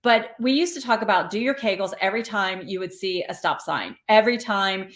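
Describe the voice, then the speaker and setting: A woman's voice: mid-range voice, a little fast. A woman hosting a casual live stream who reads viewer comments aloud. She talks in a chatty, encouraging way, often restarting her sentences and praising her viewers. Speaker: live stream host and spiritual coach.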